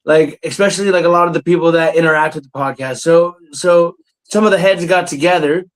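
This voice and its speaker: A man's voice: fairly high pitch, poor audio. A man hosting a comedy podcast, hyped and casually swearing, peppering his talk with "man" and "dude". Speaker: podcast host.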